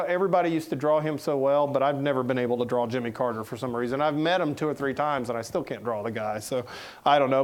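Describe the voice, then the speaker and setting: A middle-aged man with a Southern American accent gives a casual talk in a lecture room. His voice sits a little high, and he is folksy and quick to joke as he moves through his stories. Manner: folksy, joking, animated anecdotes. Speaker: editorial cartoonist giving a talk. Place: lecture room before an audience.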